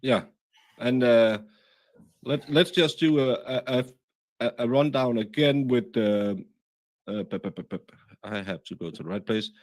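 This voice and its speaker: Male stream host, mid-pitched, rambling, halting delivery full of fillers. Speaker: livestream host. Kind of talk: casual chat.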